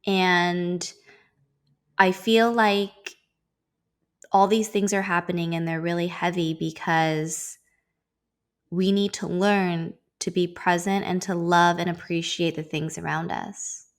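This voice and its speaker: Heartfelt rambling woman, slightly low voice. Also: fairly even intonation, slow pace. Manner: heartfelt, rambling, uses many fillers. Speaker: podcast host. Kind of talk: reflective casual monologue.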